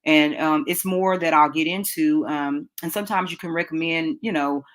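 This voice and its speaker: A woman's voice: low-pitched, fairly even intonation, normal speed. A woman runs a live relationship class. She talks in a chatty, direct way, calling her listeners y'all and asking them to type into the chat. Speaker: podcast host teaching a relationship class. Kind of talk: casual live-class teaching.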